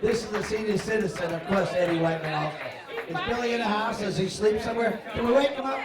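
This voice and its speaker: Jokey male emcee, very high voice, heard over loud guitar music in an echoey hall. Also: quick pace. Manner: jokey, calls out to the crowd. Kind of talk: emceeing a live event. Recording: echoey hall with a distant mic.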